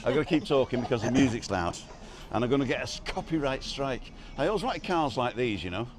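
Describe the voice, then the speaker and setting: A man's voice: medium pitch, expressive, fast. A man hosting a casual live stream outside an inn, joking and greeting viewers by name. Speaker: livestream host.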